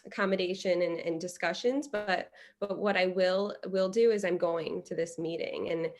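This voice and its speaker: A young adult woman from Illinois, a podcast guest telling a story in a lively, conversational way, with many restarts. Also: on the low side, normal speed. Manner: animated, many restarts and quoted dialogue.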